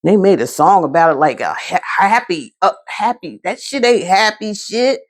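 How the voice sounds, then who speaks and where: Woman, tarot reading, casual, cursing freely, blunt, animated rise and fall. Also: medium pitch, normal speed. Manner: blunt, profanity-heavy, talks back to herself. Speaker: tarot reader.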